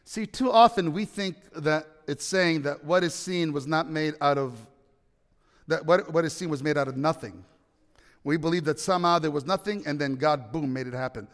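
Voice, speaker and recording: Male pastor, high voice, dynamic sermon delivery, big reverberant hall sound. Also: moderate pace. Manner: dynamic preaching, swings from loud to hushed storytelling.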